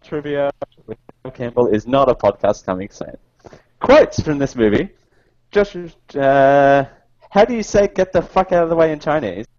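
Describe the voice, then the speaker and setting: Animated joking man on a podcast. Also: medium pitch, normal speed, no echo, muffled recording. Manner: jokey, laughs often, animated reading. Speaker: podcast co-host. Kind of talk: casual podcast banter, reading trivia.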